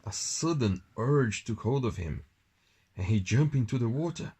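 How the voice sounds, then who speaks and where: A man, a parent at home, reading a bedtime story aloud to a child in a slow, singsong way. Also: medium pitch, lively intonation, warm tone, breathy edge.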